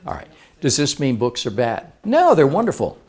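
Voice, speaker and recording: Animated man giving a seminar talk. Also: mid-range voice, moderate pace, breathy edge. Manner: lively, playful, engages audience with questions. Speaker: seminar speaker.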